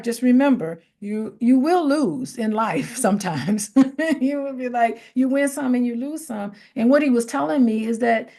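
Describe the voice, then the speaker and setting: A middle-aged woman hosting a reflective casual talk, telling stories in an animated way, acting out quoted voices and laughing often. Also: a little high. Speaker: host.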